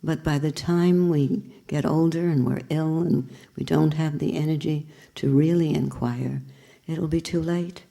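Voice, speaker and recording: A woman's voice: deep voice, fairly even intonation, measured pace, gravelly, warm tone. A woman teacher giving a spiritual talk with storytelling, earnest and reflective.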